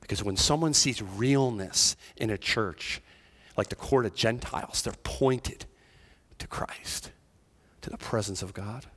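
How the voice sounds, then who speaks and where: A man preaching a sermon as pastor, talking conversationally and moving between hushed, near-whispered passages and raised, emphatic ones. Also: on the low side, measured pace, husky.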